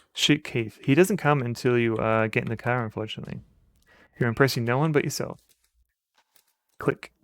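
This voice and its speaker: A man's voice: medium pitch, a bit bright, no echo. A man streaming a retro game, giving wry, chuckling commentary and reading the game text aloud.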